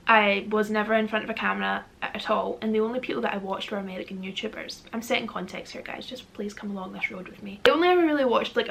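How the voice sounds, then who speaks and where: A woman's voice: medium pitch, vocal fry, fairly bright tone. A young Scottish woman in her twenties, chatting to camera in a rambling, self-deprecating Q&A vlog. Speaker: vlogger. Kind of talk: casual Q&A chat to camera.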